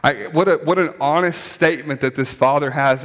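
A man's voice: on the high side, fairly quick, few pauses, fairly bright tone, in a large hall. A man preaching a sermon as pastor, in a conversational way, often asking his listeners rhetorical questions. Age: young adult or middle-aged, has kids.

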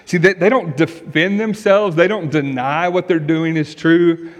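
A man's voice: fairly high pitch, unhurried. A male pastor preaching a sermon in an earnest, emphatic way, asking rhetorical questions. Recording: long reverb of a large hall.

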